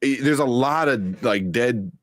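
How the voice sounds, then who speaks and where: A man's voice: mid-range voice, expressive, unhurried, dry recording, studio quality. A young man from Chicago with a Chicago accent, hosting a casual live-stream chat, chatty and laughing often. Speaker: show host.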